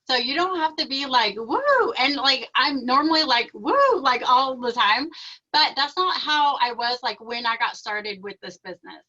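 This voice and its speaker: A woman's voice: high-pitched, moderate pace, bright, forceful tone. A young woman giving an emotional personal testimony, nervous and shaky, with many fillers and restarts. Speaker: presenter sharing her business story. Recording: dull lo-fi audio.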